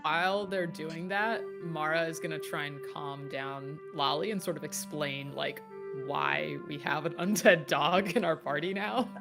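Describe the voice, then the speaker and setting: Low-voiced woman player, rambling. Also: unhurried, hardly any pauses, music in the background. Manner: rambling, many "like"s and laughs. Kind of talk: casual tabletop role-play.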